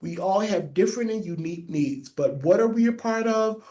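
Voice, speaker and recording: Male webinar trainer, slight lisp, mellow tone, emphatic and repetitive teaching delivery. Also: high-pitched, expressive, normal speed. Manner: emphatic, repeats key phrases for note-takers. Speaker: public health trainer. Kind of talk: webinar presentation.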